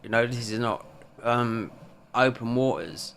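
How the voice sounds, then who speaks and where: A man's voice: mid-range voice, measured pace, gravelly, a bit bright, a little hiss or hum. A man with a South London accent rambling chattily through casual gameplay commentary as a gaming channel host. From England.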